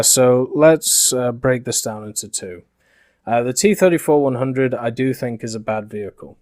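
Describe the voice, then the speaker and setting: A man's voice: medium pitch, no echo. Dry-sounding British man, chatty commentary. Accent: softened middle-class British. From Yorkshire, England. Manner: conversational and rambling, frequent uh fillers. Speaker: gaming video commentator. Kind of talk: casual spoken commentary.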